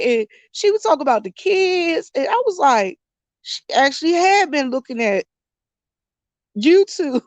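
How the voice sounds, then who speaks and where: A woman's voice: sits high, big pitch swings, measured pace, no echo, muffled recording. A woman around fifty, chatting casually to her viewers, telling a story with frequent laughter and calling them y'all. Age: 50s. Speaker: YouTube vlogger.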